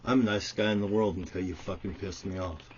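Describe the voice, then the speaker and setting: A man's voice: deep voice, fairly even intonation, quick pace, slight background noise. A man giving an angry, profanity-filled monologue to the camera, ranting and swearing constantly. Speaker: vlogger. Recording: dull lo-fi audio.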